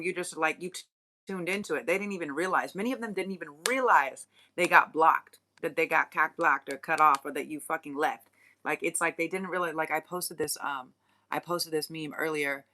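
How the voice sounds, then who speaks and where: A spiritual reader talks straight to the viewer in an unscripted reading. The voice is bright and sharp-edged, and the speaker is blunt and profane, often restarting sentences and breaking off into asides. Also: medium pitch. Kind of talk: unscripted channeled reading monologue.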